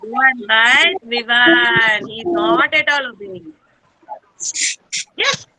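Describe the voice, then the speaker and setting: Indian English woman as kindergarten teacher on a video call, very bright tone, slow coaxing delivery. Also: a little high, expressive, no room sound, low-quality recording. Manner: sing-song, coaxing, repeats questions to small children. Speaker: preschool teacher. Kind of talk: online kindergarten class.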